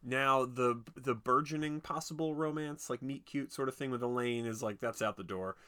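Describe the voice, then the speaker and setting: A man's voice: mid-range voice, moderate pace, pushed and bright. Rambling man recapping a movie. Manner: rambling, lots of "like" and restarts, acts out quotes. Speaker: podcast co-host recapping a film. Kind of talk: casual chat.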